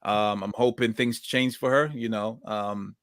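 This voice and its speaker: A man's voice: on the low side, fairly even intonation, a little slow, a bit bright, clear, resonant tone, no echo, studio quality. Rambling, hesitant man hosting a chat. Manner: rambling, hesitant, many restarts and fillers. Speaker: podcast host. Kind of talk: casual podcast chat.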